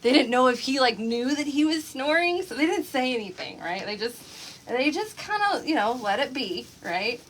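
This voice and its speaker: A woman with a high, bright voice hosts a craft livestream, chatting straight to her viewers. She tells stories in a lively, talkative way and laughs easily as she goes. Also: normal speed, slight background noise. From Oklahoma, USA. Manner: chatty storyteller, laughing often, addressing viewers directly. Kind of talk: casual chat on a livestream.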